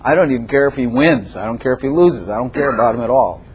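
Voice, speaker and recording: A man preaching a sermon to a congregation in a church room, animated and repetitive, laughing often and quizzing his listeners. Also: medium pitch, fast talker, slight background noise. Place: church room with chairs and a plant.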